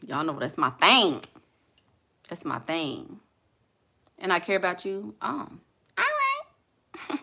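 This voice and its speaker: Blunt, bright-voiced Southern woman chatting. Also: on the low side, big pitch swings, takes it slowly, gravelly, pauses often, breathy edge. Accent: Southern US (Houston). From Houston, Texas. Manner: blunt, laughing, talks back to chat. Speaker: vlogger reading live comments. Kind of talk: casual chat.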